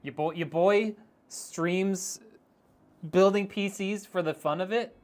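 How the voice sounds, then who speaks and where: A man's voice: high-pitched, slow, darkish tone. A man streaming a PC build, chatting casually and reading viewer comments aloud with a joking, teasing manner and frequent laughs.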